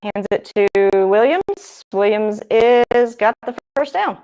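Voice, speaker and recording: A woman's voice: mid-range voice, animated, slow pace, darkish tone, smooth. Chatty woman rambling through live football. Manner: chatty and rambling, thinking aloud. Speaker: livestream host. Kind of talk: casual live game commentary.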